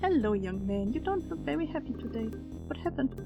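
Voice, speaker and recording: A gentle, chatty old lady from a horror game, voiced by a woman. She is polite and motherly and calls everyone dear. Her voice sits a little high, with game music behind. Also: big pitch swings, a little fast, creaky, highs cut off, full character voice. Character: frail elderly woman test subject, gentle and chatty. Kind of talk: game character voicing while playing.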